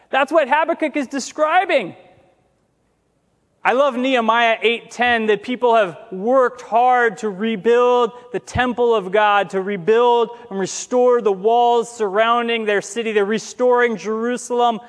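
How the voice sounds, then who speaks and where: A male pastor giving a casual, conversational sermon with humorous asides, slowing down to read scripture. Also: extremely high pitch, lively intonation, big-room sound.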